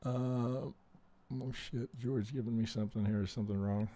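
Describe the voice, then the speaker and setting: A man teaching trading on a live stream, reviewing charts in an animated, profane way and asking "right?" again and again. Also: medium pitch, moderate pace, no echo. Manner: profane, emphatic, acts out trader reactions, keeps asking "right?".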